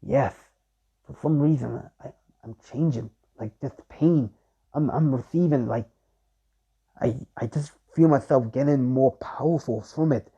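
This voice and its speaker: A man voicing a bullied boy ninja who feels himself getting stronger, speaking haltingly with stammers, on a dull lo-fi recording. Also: medium pitch, warm tone, breathy edge. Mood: awed. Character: young boy ninja bullied, growing powerful.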